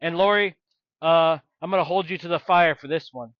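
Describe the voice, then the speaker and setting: A man's voice: fairly high pitch, normal speed, dry recording, dull audio. A man co-hosting a podcast, rambling and blunt as he chats about films. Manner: rambling, emphatic, blunt complaints. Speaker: podcast co-host. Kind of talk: casual film discussion.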